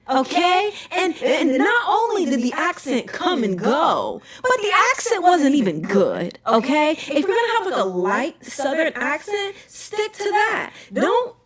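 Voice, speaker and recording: A young woman hosting a podcast, talking casually in an emphatic, animated rant. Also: high-pitched. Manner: animated, emphatic ranting with frequent "okay?" asides. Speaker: podcast host. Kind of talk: casual chat.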